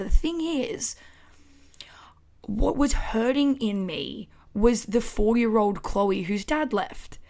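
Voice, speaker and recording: Talking alone into a microphone at her house, a podcast host in her twenties with an Australian accent speaks a little slowly in a mid-range voice. Her casual monologue is candid and expressive, with plenty of free swearing.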